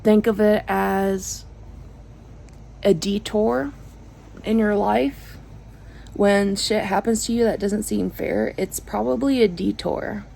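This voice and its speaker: Filming at home on her phone, a woman gives her viewers a casual, venting update in a slow, mellow, gravelly mid-range voice with fairly even intonation and frequent pauses. She rambles frankly with lots of fillers and dry sarcasm, and the audio quality is poor.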